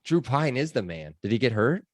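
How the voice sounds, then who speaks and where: A man's voice: medium pitch, big pitch swings, brisk, no echo, studio quality. A man hosting a casual sports podcast, chatty and loose with lots of fillers. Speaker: podcast host.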